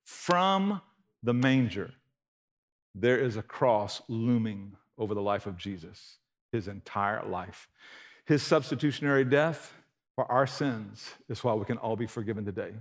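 Folksy preacher, emphatic. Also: male voice, lowish voice, expressive, unhurried. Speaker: pastor. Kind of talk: sermon.

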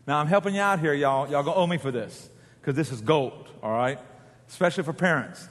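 A man's voice: sits high, expressive, quick pace. A man preaching a sermon in a folksy, joking way, getting the congregation to repeat lines. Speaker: pastor. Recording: long hall reverb.

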